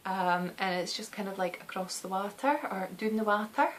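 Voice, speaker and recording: A woman in her thirties with a soft West of Scotland accent, rambling chattily on her knitting podcast, often laughing and dropping into a whisper. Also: mid-range voice, moderate pace, a little hiss or hum. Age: 30s.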